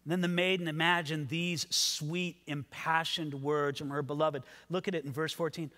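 Male pastor with a high voice, animated sermon delivery, long hall reverb. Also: normal speed. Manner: animated, acts out quoted voices. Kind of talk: expository sermon.

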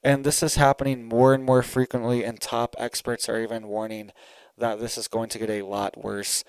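A man delivering an urgent, emphatic monologue straight to his viewers, often pausing to check they're following. His voice is smooth and clear, at an everyday middle pitch. The recording is close and dry, with no room sound. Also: flat delivery, no echo, poor audio. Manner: urgent, emphatic, keeps asking "all right?". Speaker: online commentator. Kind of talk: solo commentary video.

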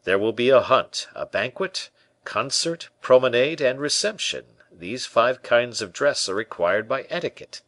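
Man reading smooth scheming churchman, honeyed, soft-spoken, lively melody, dry close sound. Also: medium pitch, a little slow, dry recording, voice pushed up, heavily acted. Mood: suave.

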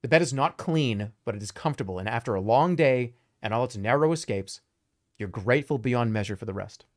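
A man's voice: mid-range voice, fairly quick. A man streaming, reading a fantasy gamebook aloud with joking asides and laughter. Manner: animated, joking, laughs between lines.

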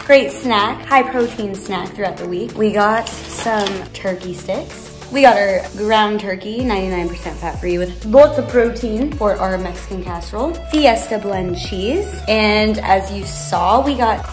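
A woman's voice: mid-range voice, a little slow, hardly any pauses, over music. A young woman chatting casually to camera in a vlog, upbeat and talkative, filmed on a phone. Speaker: vlogger.

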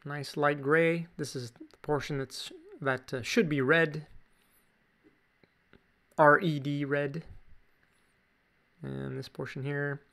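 A man's voice: on the high side, fairly even intonation, takes it slowly, gravelly, long pauses, pushed and bright. A man with a Canadian accent, chatting casually through a drawing tutorial with jokey asides. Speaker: drawing teacher.

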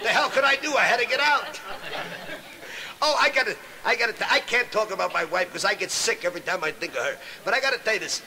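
A man doing a brash stand-up comedy routine with rapid-fire insult jokes. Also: sits high, a crowd in the background, background noise.

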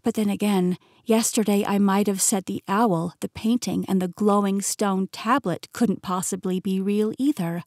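A woman reads a first-person novel aloud, bringing lively energy to the heroine's thoughts. Her voice is of middle pitch and recorded close in a dry booth with no room sound. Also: normal speed, hardly any pauses, no echo. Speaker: audiobook narrator. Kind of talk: scripted narration. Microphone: close studio mic.

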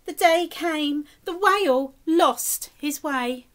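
A woman teacher reading a picture book aloud to children, animated, with gasps and asides to her young listeners. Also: very high-pitched, slow. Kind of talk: expressive storybook read-aloud for children.

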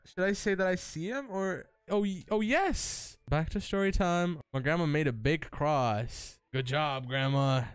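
A man commentating his own gameplay, excitable and nervous, laughing and stammering through restarts. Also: sits high, normal speed, hardly any pauses, clean tone, dry recording. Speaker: gaming YouTuber. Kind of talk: let's-play commentary.

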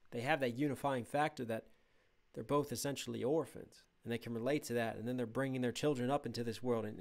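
A man, a rapper, talking casually and reflectively as he reacts to a stage musical, openly moved by what he hears. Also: mid-range voice. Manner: warm, reflective, easily moved. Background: faint show music.

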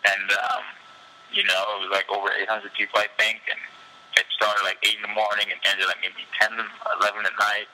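Male fighter guest, low voice with a very bright, forceful edge, animated and candid, laughs easily. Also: normal speed, low-quality recording. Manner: animated, laughs often, loose fillers. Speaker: professional fighter, interview guest. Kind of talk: candid casual storytelling.

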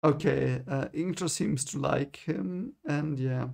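Gravelly young man, halting read-along commentary. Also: fairly high pitch, darkish tone. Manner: hesitant, repeats words, chuckles often. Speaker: book reader reacting.

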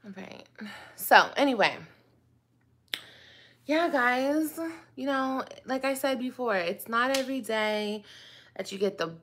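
A woman's voice: fairly high pitch, slow, pauses often, fairly bright tone, a little hiss or hum. A woman talking to her viewers in a casual monologue, dramatic and drawn out, addressing them again and again. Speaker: online video host.

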